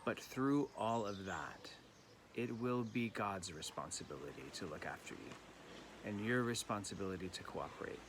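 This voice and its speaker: Gentle reflective man leading evening prayer. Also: fairly low pitch, lively intonation, normal speed, background noise. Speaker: pastor. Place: home in lockdown.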